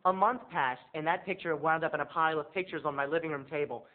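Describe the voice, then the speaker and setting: A man, a video blogger, telling a comic story to his viewers in an animated, theatrical way. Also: on the high side, quick pace. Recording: tinny phone-like sound.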